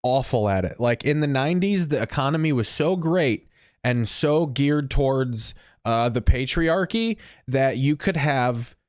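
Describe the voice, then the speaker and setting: A man's voice: mid-range voice, animated, unhurried, dry recording, studio quality. A man hosting a podcast, giving crude, sarcastic commentary on an old tape. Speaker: podcast host. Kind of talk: casual commentary.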